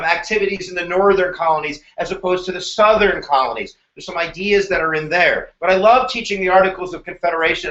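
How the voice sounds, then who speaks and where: A male history teacher giving an energetic live exam review, animated and joking. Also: fairly high pitch, echoey room, lo-fi sound. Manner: animated, joking, slips into silly voices.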